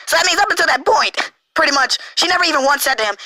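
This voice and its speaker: Fast-ranting man with a high, bright voice. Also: very animated, no echo, poor audio. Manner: heated, profane, sarcastic. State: angry. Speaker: online commentator. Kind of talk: angry rant.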